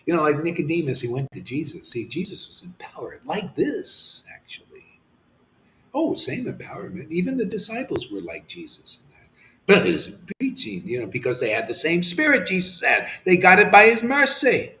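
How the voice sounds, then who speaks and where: A man preaching an impassioned sermon as a spiritual teacher, swinging from shouts to hushed near-whispers and dropping casual slang. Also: fairly high pitch, wildly swooping pitch, a little fast, a little hiss or hum. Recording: roomy echoey room.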